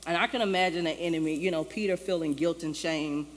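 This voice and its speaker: Talking fast in a low-pitched voice, a woman pastor preaches conversationally and acts out the lines she quotes. The church sanctuary setting brings long reverb and a faint ambient background.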